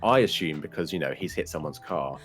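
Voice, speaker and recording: A man's voice: rumbling low, animated, fairly quick, a bit bright, faint music behind. A man and guest on the show, telling a long, funny story in a casual way, swearing freely and laughing as he goes. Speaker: guest, streamer.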